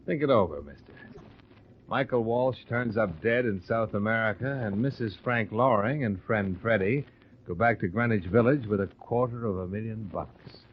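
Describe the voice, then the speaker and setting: A man's voice: on the low side, moderate pace. A man playing a hard-boiled detective who also narrates, wry and clipped, in 1940s radio acting. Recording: dull noisy old radio recording.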